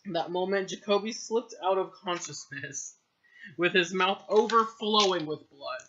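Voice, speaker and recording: A man's voice: high-pitched, normal speed, bright, forceful tone. A man casually reading aloud his own old story, giggling, mocking himself and swearing in asides. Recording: dull lo-fi home recording.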